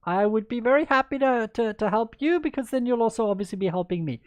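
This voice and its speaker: A woman's voice: on the high side, lively intonation, fast talker, dry recording. A woman chess coach in a livestreamed lesson, chatty and upbeat, answering viewers by name as she goes through moves.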